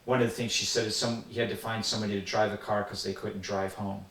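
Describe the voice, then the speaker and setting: An older man tells his memories in an earnest, reflective way. His voice sits low with a gravelly edge. The sound is roomy and set back from the microphone. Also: level tone, fast, fairly bright tone. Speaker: interviewee recalling a spiritual teacher. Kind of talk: personal reminiscence. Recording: roomy sound from a distant mic.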